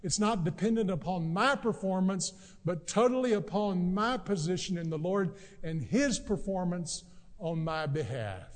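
A man preaching a sermon as pastor, earnest and emphatic, with drawn-out pauses between phrases. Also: high voice, long reverb tail.

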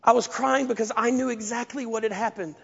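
A man preaching a sermon, telling a story in a lively, self-mocking way. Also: very high-pitched, a little fast, gravelly, breathy edge. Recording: lo-fi, echoey hall.

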